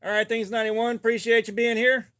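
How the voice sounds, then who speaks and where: A man's voice: very high voice, flat delivery, fairly bright tone. A man hosting a casual livestream, joking and rambling as he answers viewer comments. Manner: joking, rambling, quick asides. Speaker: livestream host. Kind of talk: casual live chat reading comments.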